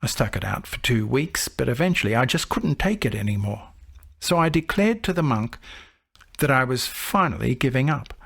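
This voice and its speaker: A middle-aged man reading his own book aloud in a reflective, measured storytelling voice. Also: medium pitch, animated, gravelly, a bit bright, husky. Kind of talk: audiobook narration.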